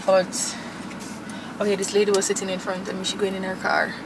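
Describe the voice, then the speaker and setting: A woman's voice: mid-range voice, monotone, brisk, noisy background. A young woman, chatting and gushing to camera as a vlogger from her car. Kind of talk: casual chat to camera.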